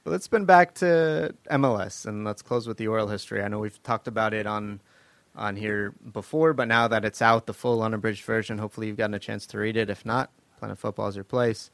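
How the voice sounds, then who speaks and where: A man with a fairly low voice hosts a relaxed panel chat. He tells stories loosely, with fillers and laughter. The sound is dry and close to the mic. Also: fairly quick, creaky, no room sound. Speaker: podcast host.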